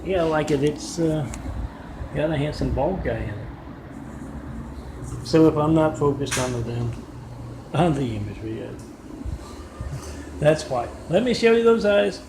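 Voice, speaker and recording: Male vlogger, raspy-edged voice, meandering casual storytelling into a phone, roomy and noisy recording. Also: a little high, unhurried, pauses often. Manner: meandering, wry asides, frequent fillers. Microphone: phone front camera. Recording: echoey room with background noise.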